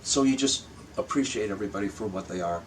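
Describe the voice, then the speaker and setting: An older male comedian with a low voice tells rambling, profane anecdotes, often starting his sentences over. He is recorded from a distance. A faint hiss sits under the sound. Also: fast. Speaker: guest comedian. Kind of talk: casual interview storytelling.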